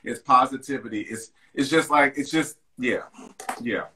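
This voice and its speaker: A man's voice: medium pitch, normal speed, sharp tone, slight background noise. A man hosting a live-streamed conversation, hyped and encouraging like a preacher. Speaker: host.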